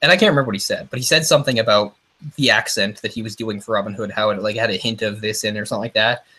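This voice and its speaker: Bright-voiced opinionated man chatting about movies. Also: on the low side, steady tone, rapid-fire, husky. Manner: opinionated, chatty, puts on mock voices when retelling stories. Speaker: podcast co-host. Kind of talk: casual movie discussion chat.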